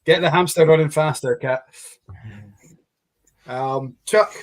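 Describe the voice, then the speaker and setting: A man's voice: fairly high pitch, slow. A man hosting a casual chat over a video call, asking guests questions with a joking manner. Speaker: host.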